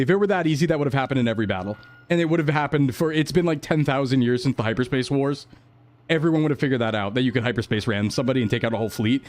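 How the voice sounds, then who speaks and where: A male streamer with a voice sitting at an ordinary middle pitch. He chats casually while he plays, rambling to himself and to his chat. He is jumpy and quick to startle. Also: darkish tone.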